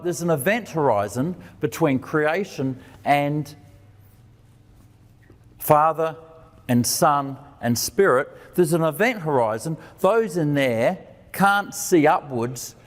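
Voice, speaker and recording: A man giving a conversational sermon. He asks questions and answers them himself, and he acts out the quoted lines of dialogue with changes in his voice. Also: medium pitch. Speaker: preacher and teacher. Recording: long reverb of a hall.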